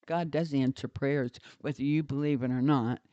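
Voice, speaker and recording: An older woman vents in an indignant, scornful monologue, heavy with sarcasm. Her voice is warm and mellow. The recording is dry and a little dull, like a lo-fi home setup. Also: a bass voice, steady tone, moderate pace, no room sound. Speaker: vlogger. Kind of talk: ranting monologue to camera.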